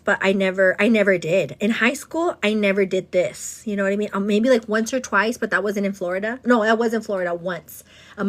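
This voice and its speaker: A woman vlogger telling a long story in casual get-ready-with-me chat. She rambles, keeps calling the listener "girl" and slips in the odd Spanish phrase. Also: mid-range voice. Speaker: vlogger and host.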